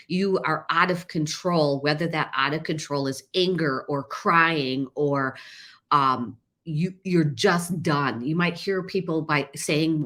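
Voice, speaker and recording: A middle-aged woman with a low, deep voice talks through her ideas as a podcast host. She speaks slowly and earnestly, often restarting a phrase or repeating a word as she explains. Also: a bit bright. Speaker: podcast host and caregiver coach. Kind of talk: solo podcast teaching.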